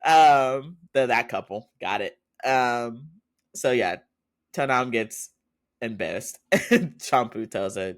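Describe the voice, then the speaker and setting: A man's voice: mid-range voice, expressive, takes it slowly. A man hosting a podcast, chatting casually through an episode recap with lots of fillers and frequent laughs. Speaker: podcast host.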